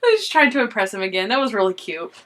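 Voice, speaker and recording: A young woman co-hosts a casual podcast, with a voice that sits in the middle of her range. She recaps a TV episode in an animated way and slips into quick put-on voices for the characters. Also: mid-range voice. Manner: animated, acts out characters' lines in quoted voices. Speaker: podcast co-host.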